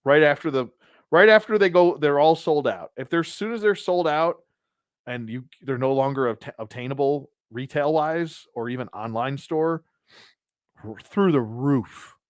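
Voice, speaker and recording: A man hosting a casual toy collector review, rambling, laughing at himself and sometimes dropping to a hushed storytelling voice. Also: a little high, expressive, moderate pace, no room sound. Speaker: toy collector channel host.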